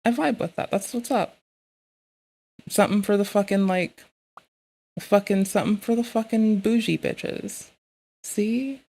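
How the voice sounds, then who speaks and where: A woman streamer chatting casually with her audience in a mid-pitched voice. She swears constantly and often gets loud and worked up. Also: a little slow, pauses often. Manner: profane, excitable, loud rants. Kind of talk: casual live-stream chat.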